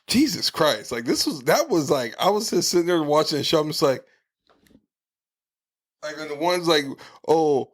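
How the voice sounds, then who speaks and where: A man's voice: on the high side, moderate pace, long pauses. A man co-hosting a podcast, chatting casually and rambling with lots of fillers and restarts. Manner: relaxed, rambling with frequent fillers. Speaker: podcast co-host. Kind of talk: casual chat.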